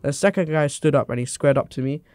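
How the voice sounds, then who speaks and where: A young man, co-hosting a podcast and retelling a run-in in a casual, animated way. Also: on the high side, quick pace, no echo. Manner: storytelling, animated retelling with swearing. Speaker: podcast co-host. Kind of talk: casual chat. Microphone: table podcast mic, leans in.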